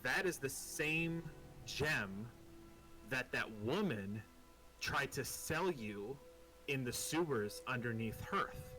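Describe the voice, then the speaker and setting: A man narrating as game master of a tabletop game, relaxed and hesitant, with many pauses and ums. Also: mid-range voice, soft background music, poor audio.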